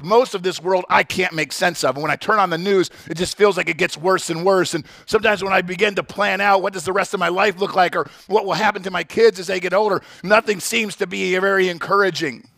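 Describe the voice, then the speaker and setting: Male preacher, sermon delivery, gravel in the voice, dry and close-miked. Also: fairly high pitch, fairly bright tone, dry recording. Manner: emphatic preaching with repeated restarts. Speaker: pastor.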